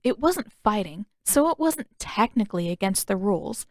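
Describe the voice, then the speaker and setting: A woman reads her own fanfiction aloud in steady, even storybook narration. Her voice sits at a middle pitch. The recording is dry and close, with no room sound. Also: moderate pace, no echo. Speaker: fanfiction author and podfic reader.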